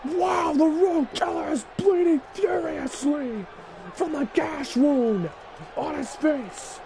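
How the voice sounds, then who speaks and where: A man calling a wrestling video game match play-by-play, excitable and often shouting. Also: very high voice, takes it slowly, a crowd in the background. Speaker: gaming channel host.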